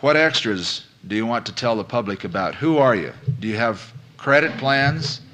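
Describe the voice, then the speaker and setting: Here the seminar speaker sounds medium-pitched, expressive and a bit bright at a moderate pace, with slight hiss or hum in the background. He keeps things folksy before a live audience, addressing them as folks, posing questions and repeating phrases to drive points home.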